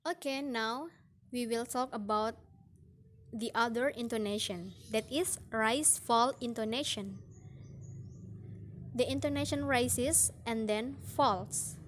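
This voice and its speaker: Slow, careful young woman reading a lesson. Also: on the high side, a little hiss or hum. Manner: slow, careful reading with acted example sentences. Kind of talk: reading a phonetics lesson aloud.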